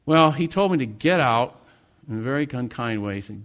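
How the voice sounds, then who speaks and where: Male pastor, sermon storytelling, dramatic swings from hushed to loud. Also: medium pitch, expressive, fairly quick.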